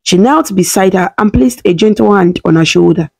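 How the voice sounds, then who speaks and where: A woman reading a scripted story in a steady, dramatic way. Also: medium pitch, normal speed, vocal fry.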